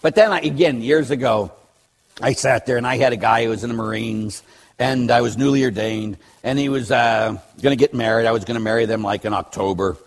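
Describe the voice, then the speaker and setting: An older man, a Catholic priest, preaching bluntly and telling stories with dry humor, loud one moment and soft the next. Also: medium pitch, brisk. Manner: blunt, joking storyteller who swings between loud and soft. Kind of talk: sermon with personal stories.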